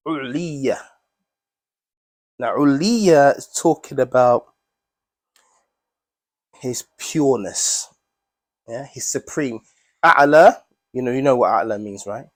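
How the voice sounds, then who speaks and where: A man's voice: medium pitch, a little mellow. Male teacher, mid-range voice, explains Arabic words to a class, checks for understanding often.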